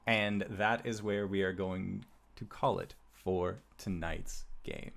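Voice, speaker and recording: Slow, low-voiced male game master. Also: steady tone, creaky, fairly bright tone. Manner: descriptive and unhurried, with frequent "uh" fillers. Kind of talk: narrating a tabletop game.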